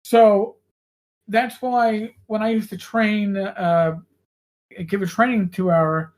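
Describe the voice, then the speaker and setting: Ex-cop guy on a podcast telling stories, swears a lot, animated. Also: sits high, slow pace. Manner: profane, animated storyteller. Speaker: podcast guest, former police officer. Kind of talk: casual chat, storytelling.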